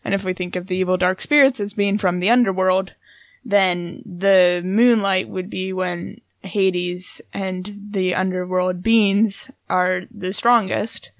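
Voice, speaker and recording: A woman's voice: mid-range voice, steady tone, slow pace, no echo. A young woman co-hosting a podcast, chatting casually about song lyrics in a dry, matter-of-fact, teasing way. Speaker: podcast co-host.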